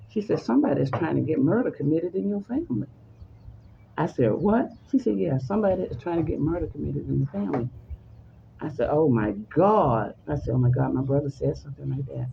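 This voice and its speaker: Woman storyteller, gravelly voice, acts out the voices she quotes, dull lo-fi recording with faint hiss. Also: low voice, expressive, fairly quick. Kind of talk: personal story told in conversation.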